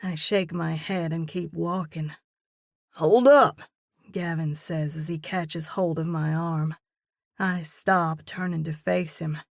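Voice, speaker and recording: A woman's voice: low voice, a little slow, vocal fry, no echo, studio quality. A woman narrating a first-person romance audiobook expressively, voicing the heroine's own lines as she goes. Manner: expressive, reads in character as heroine.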